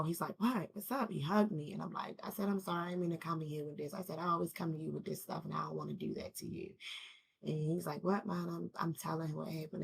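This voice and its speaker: A woman's voice: deep voice, vocal fry, husky. A woman rambling through a casual, slangy story in a personal video, grieving and emotional, the mother of a teenage son. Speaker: vlogger.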